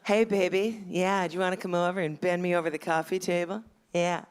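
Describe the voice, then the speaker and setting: A woman voicing a middle-aged phone sex operator who keeps her voice low and sultry. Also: fairly even intonation, fairly quick, smooth, close to an everyday voice.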